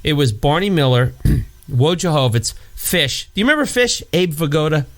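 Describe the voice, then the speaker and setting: A man chatting casually as a podcast co-host, his pitch swinging widely as he rambles from one story to the next. He swears freely and keeps circling back on himself mid-sentence. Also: animated, normal speed, fairly bright tone. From New York area. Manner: rambling storyteller, swears, acts out scenes in high put-on voices. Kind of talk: casual chat.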